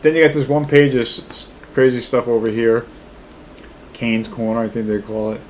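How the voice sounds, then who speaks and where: A man's voice: medium pitch, flat delivery, normal speed, darkish tone, a little hiss or hum. An older man co-hosting a casual comic book chat, retelling a story in a rambling, chuckling way. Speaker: co-host.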